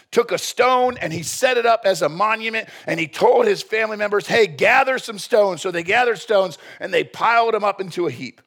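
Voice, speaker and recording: A man's voice: high voice, vocal fry, a bit bright. A male pastor preaching a sermon in a blunt, earnest, joking manner.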